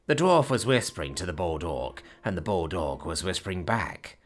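A man's voice: deep voice, very animated, moderate pace. A man narrating a fantasy story, doing the characters' lines in his own voice.

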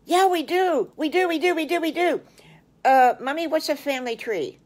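An older woman doing high little piglet boys, eager, stumbling and repeating words, storybook voices. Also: lively intonation, measured pace. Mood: excited. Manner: eager, tumbling over words, repeating themselves. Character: excited little boy piglets, three brothers.

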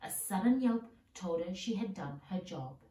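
A woman reading a storybook chapter aloud at a steady, measured pace, recorded in a roomy space from a distance. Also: mid-range voice. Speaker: reader. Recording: roomy sound, mic at a distance.

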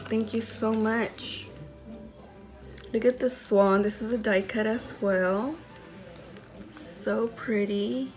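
A woman hosting a crafting video, unboxing mail from a friend and gushing over each handmade piece with excited exclamations. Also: on the high side. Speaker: crafting channel host.

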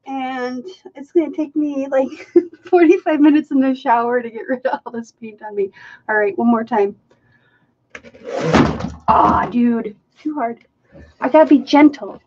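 A woman's voice: high voice, measured pace, pauses often. A woman hosting a live painting stream, chatting casually to viewers, laughing often and poking fun at herself, recorded at home. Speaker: live-stream art host. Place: home art room with carpet. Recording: dull lo-fi stream audio.

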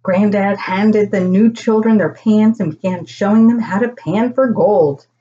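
An older woman reading a children's storybook aloud, animated as she voices the grandchildren and grandparents. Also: a little slow, dull audio. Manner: animated, pitching up for children's lines.

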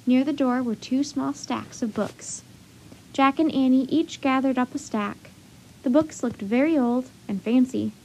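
A woman storyteller reading a children's chapter book aloud with steady, expressive narration. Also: sits high, unhurried, a little hiss or hum.

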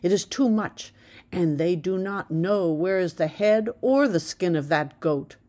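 A woman voicing a proud old male village elder who speaks slowly and emphatically, tender yet commanding. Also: on the low side, animated, warm tone. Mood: earnest. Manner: slow, emphatic, solemn.

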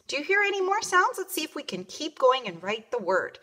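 Kindergarten teacher lady, clear bright voice, kinda high, stretches out word sounds for little kids. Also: big pitch swings. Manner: slow, exaggerated sounding-out of words for young children. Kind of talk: home learning video lesson.

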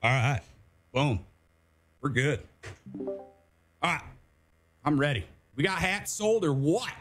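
A man's voice: on the high side, big pitch swings, slow pace, a bit bright, faint music behind. A man hosting his own gaming live stream, laid-back and casual, addressing his chat and swearing freely.

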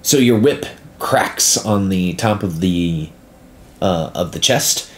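A man narrating as game master of a tabletop game, relaxed and dotted with "uh" pauses. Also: deep voice.

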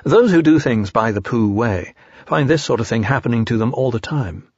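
A man reading an audiobook aloud in a calm, measured way. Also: mid-range voice, slightly rough, no echo. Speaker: audiobook narrator. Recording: dull, dry lo-fi recording.

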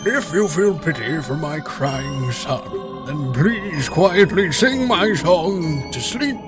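A man's voice: on the high side, animated, takes it slowly, over music, voice pushed up. A man voicing an old, weary Goron father who pleads in a theatrical way over his son. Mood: pleading.

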